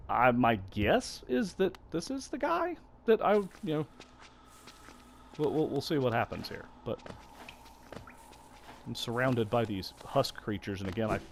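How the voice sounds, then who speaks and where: Brief: male gamer narrating his play, self-deprecating, lively intonation. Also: medium pitch, unhurried, gravelly, long pauses, slight background noise. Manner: musing, self-deprecating, apologetic. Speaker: let's play host. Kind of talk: casual gameplay commentary.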